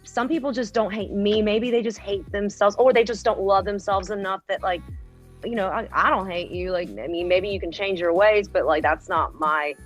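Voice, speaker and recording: A young adult woman from rural North Carolina, US, chats casually as an interview guest; she is a TikTok creator with a North Carolina accent. Her medium-pitched voice moves at normal speed, relaxed and chatty with many "like" fillers, over soft background music.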